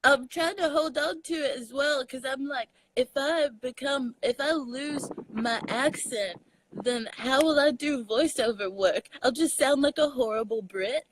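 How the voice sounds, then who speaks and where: A young adult woman from Texas with a Southern accent, chatting casually as a comedian guest, animated and laughing often. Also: high voice, measured pace, no echo, rough recording. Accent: Southern US, Texan. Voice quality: animated storyteller, laughs often, mixes in slang. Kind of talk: casual chat.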